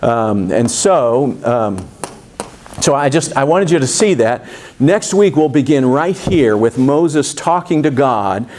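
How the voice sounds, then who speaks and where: A man leads a Bible lesson in a church classroom, talking plainly at a middle pitch. He explains step by step and often pauses on fillers and restarts his sentences. The delivery is loose and unscripted, like a teacher talking to a small group. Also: lively intonation, a little mellow, a little hiss or hum.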